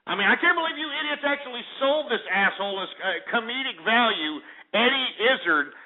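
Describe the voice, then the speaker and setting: A man's voice: very high voice, expressive, brisk. A man hosting a call-in radio talk show, ranting and insulting his callers with lots of uh's. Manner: ranting and insulting callers, many filler sounds. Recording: tinny phone-like audio.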